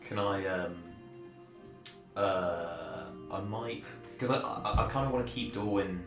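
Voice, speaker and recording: A man's voice: on the low side, unhurried. A man playing a tabletop game, speaking tentatively about his character's plans. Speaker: player. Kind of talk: casual tabletop play. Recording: echoey room, music behind.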